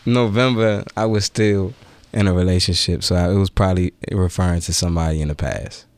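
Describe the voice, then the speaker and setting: Laid-back slangy man, low voice. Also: fairly even intonation, fairly quick, darkish tone, no room sound. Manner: laid-back, slangy, repeats "you feel me". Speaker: musician guest. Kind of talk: casual radio interview chat.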